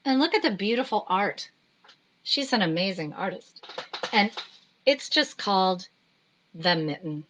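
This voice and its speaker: A woman artist hosting a children's story time, chatting gently with many ums. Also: mid-range voice, lively intonation, a little slow, pauses often, slight background noise, low-quality recording. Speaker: artist reading picture books to children. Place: home.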